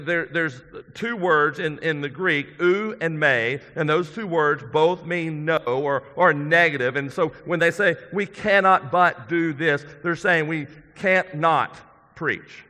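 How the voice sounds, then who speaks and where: A man preaches in a church with a fairly high, bright voice. He talks to the congregation in an earnest, conversational way, pressing hard on some points and going quiet on others. His words ring out in a long hall reverb. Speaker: pastor. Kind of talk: sermon.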